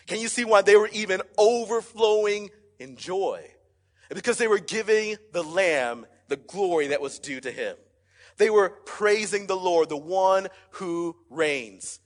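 A young male pastor delivers an energetic, emphatic sermon and keeps calling out to the congregation. His voice sits high for a man. The sound rings with the long reverb of a large church hall. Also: measured pace. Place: church sanctuary.

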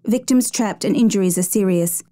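A woman reading a story voices a brisk, urgent male paramedic in his thirties. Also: medium pitch, mellow, natural voice.

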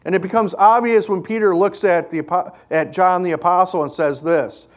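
A man's voice: sits high, fairly even intonation, brisk. A man preaching a sermon as a pastor, in an earnest, emphatic storytelling manner.

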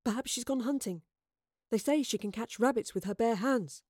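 A woman's voice: fairly high pitch, normal speed, dry recording, close to an everyday voice. An earnest young Roman soldier, naive and eager to please, as a woman reading the story puts him on. He speaks sincerely and is recorded close and dry. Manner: earnest, easily flattered. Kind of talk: audiobook character voice.

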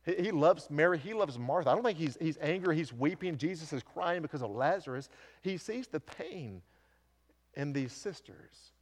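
A man's voice: fairly high pitch, expressive, normal speed, long reverb tail. A man preaching a sermon as pastor, earnestly asking his congregation questions and telling a story from his week. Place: church sanctuary.

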